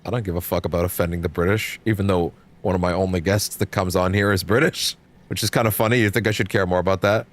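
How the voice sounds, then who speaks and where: A man's voice: deep voice, fairly even intonation, fast talker. A young man giving casual, rambling commentary while streaming a game, swearing offhandedly.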